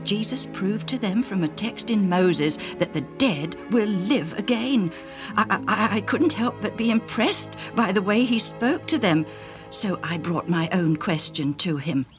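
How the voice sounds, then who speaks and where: A woman's voice: medium pitch, expressive, a little slow, close to an everyday voice. A woman reading a story aloud, voicing a devout, emotional man who stammers and repeats his words. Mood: impressed. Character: earnest stammering adult man, a devout believer. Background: music.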